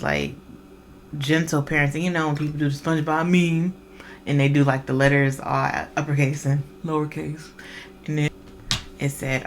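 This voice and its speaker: A woman's voice: deep voice, a little hiss or hum. Blunt, profane woman ranting on a podcast. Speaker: podcast host. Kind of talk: casual podcast monologue.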